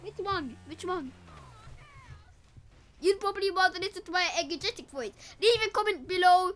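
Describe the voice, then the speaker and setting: A woman talking to camera as a gaming YouTuber in an energetic, rambling, chatty way. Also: extremely high pitch, normal speed. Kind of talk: casual vlog to camera.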